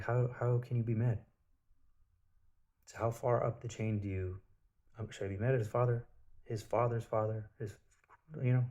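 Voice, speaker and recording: A man's voice: on the low side, dark tone. A man telling stories in a rambling, casual monologue, swearing freely. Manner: rambling, profane storytelling.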